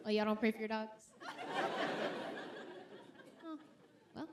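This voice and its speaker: A woman performing a stand-up comedy routine on stage, animated and acting out quotes in high voices. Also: slow pace, a crowd in the background, background noise. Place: theater stage before a live audience.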